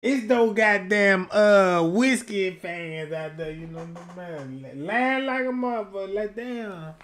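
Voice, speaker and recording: A man streaming a casual reaction commentary, loud and profane, who slips into sung bits and mock voices. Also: high voice, measured pace. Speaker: streamer host.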